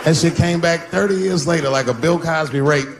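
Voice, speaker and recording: A middle-aged man performing a loose, swaggering stand-up set, jumping to sudden high exclamations. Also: a little fast. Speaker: stand-up comedian. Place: large theater with audience. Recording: live crowd laughter, stage noise.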